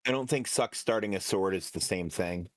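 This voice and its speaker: Jokey co-host, confident deadpan nonsense, dry booth sound. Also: male voice, low-pitched, moderate pace, no room sound. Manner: joking, confidently wrong, banter. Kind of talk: casual chat reacting to food on screen.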